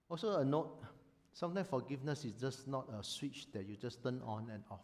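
A man preaching a sermon as a pastor, animated and emphatic, often acting out voices. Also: fairly high pitch, a little fast.

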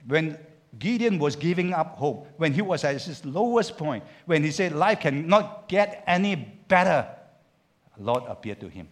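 A male pastor preaching a sermon, swinging from loud urging to quiet asides and acting out biblical speech. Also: a little high, moderate pace. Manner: animated preaching with big swings in loudness, urging the congregation to repeat lines; acts out biblical characters' speech in quotes.

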